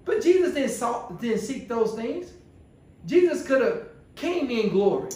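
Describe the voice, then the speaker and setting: In a very echoey church room, a male pastor preaches with a very high, warm voice that swings widely in pitch at a slightly slow pace. He poses rhetorical questions to the congregation in a call-and-response style.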